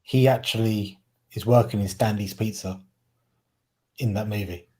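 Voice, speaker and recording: Mellow-voiced Cockney man chatting. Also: on the low side, fairly even intonation, a little slow, husky. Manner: rambling, self-correcting, often trips over words. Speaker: podcast co-host. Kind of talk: casual chat.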